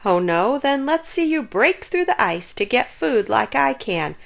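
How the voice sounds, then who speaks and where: A woman's voice: on the high side, sing-song, a little slow, creaky, exaggerated voice. A woman voicing a mocking, boastful male duck in a children's storybook, who quacks and jeers. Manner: quacking, jeering laugh.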